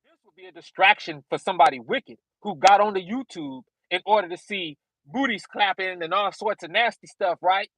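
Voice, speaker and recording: High-voiced man preaching emphatically. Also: a bit bright, dry recording, poor audio. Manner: emphatic, drawn-out reading with sudden rises. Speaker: preacher hosting a Bible study live stream. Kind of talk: sermon with scripture reading.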